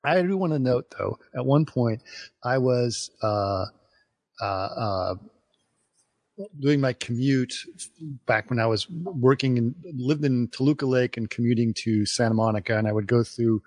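A man's voice: medium pitch, no room sound. A man co-hosting a podcast, telling a casual story with restarts and fillers. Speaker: podcast co-host. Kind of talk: casual chat. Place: Los Angeles area resident.

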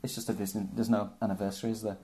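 A man's voice: fairly low pitch, little pitch movement, rapid-fire, dark tone. A man co-hosting a podcast, chatting casually in a hesitant, rambling way with dry jokes. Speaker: podcast co-host. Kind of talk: casual chat.

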